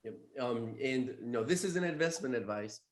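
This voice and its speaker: A man's voice: medium pitch, animated, moderate pace, echoey room. A man hosting a podcast interview as an accountant, adding his own points in a conversational way with fillers. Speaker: host, accountant.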